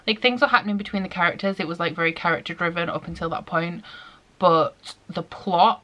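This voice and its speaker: Bright, chatty young woman vlogger. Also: fairly low pitch. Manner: chatty and excitable, lots of "like". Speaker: book vlogger. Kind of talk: casual reading vlog chat.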